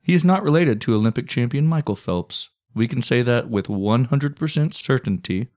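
Wry, deadpan podcast co-host, a man. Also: medium pitch, normal speed. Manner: wry, deadpan jokes, swears casually. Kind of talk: casual comedic history podcast.

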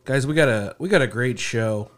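A man's voice: medium pitch, normal speed. A young man from Indianapolis hosting a casual podcast, rambling and joking with frequent laughs. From Indianapolis, USA. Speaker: podcast host.

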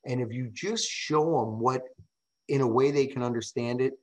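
In a casual interview, a middle-aged man who speaks publicly and guests on podcasts shares stories emphatically and with lots of animation, often checking "right?" He has a mid-range voice and a moderate pace, captured in a low-quality recording.

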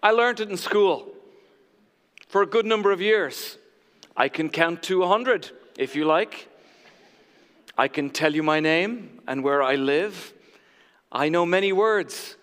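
A man with a high voice preaches to his congregation. He jokes at his own expense as he tells his stories. A long church reverb trails behind every phrase. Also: a little slow, pauses often, fairly bright tone, clear, resonant tone. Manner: jokey, self-mocking storyteller. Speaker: pastor. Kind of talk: sermon. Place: church sanctuary.

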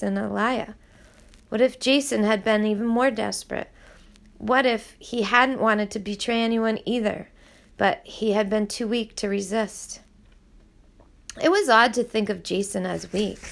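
A woman narrating a novel aloud in a steady, even storytelling voice. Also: medium pitch, creaky. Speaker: audiobook reader.

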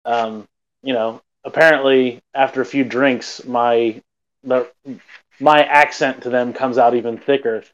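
A man's voice: mid-range voice, steady tone, a little slow. A laid-back young man from central Indiana, chatting easily. He agrees readily and tosses in drawled asides. The recording sounds slightly dull and lo-fi. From central Indiana, USA. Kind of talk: casual chat.

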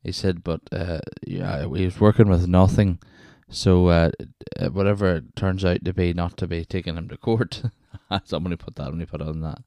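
Here a Northern Irish podcast host speaks at a moderate pace with few pauses, his voice low, mellow and fairly even, and there's no echo. Telling casual stories on his own, he chats and rambles, doubling back with wee self-interrupting asides.

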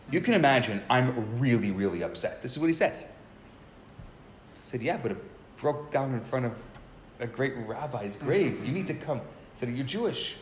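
Speaking at a moderate pace, a man teaches a small group through a story in an easygoing, animated style, frequently doubling up words as he starts sentences. His pitch varies a lot, and there's a clear room echo over a faint background hum.

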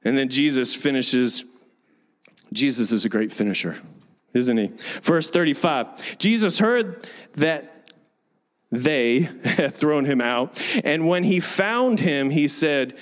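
A pastor preaching a sermon in a church and leading the congregation in call-and-response, building to fervent declarations. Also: male voice, medium pitch, lively intonation, takes it slowly, big-room sound. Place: church hall with balconies.

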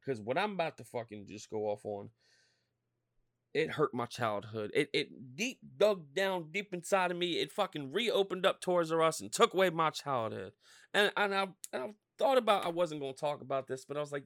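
Profane ranting man, lively pitch swings. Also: moderate pace, dry recording, clean studio sound. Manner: profane, animated ranting with frequent fillers. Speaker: podcast host. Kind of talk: casual rant.

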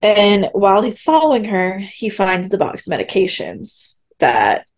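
Speaking at a measured pace with a sing-song, medium-pitched voice, this podcast co-host retells a TV episode casually. She acts out the lines she quotes and breaks into laughter frequently.

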